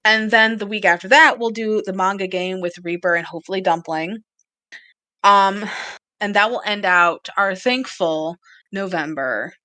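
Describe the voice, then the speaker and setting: A woman's voice: medium pitch, moderate pace, sharp tone, no echo. A woman co-hosting a casual podcast, chatty and laughing often as she plans upcoming episodes. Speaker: podcast co-host. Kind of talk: casual chat.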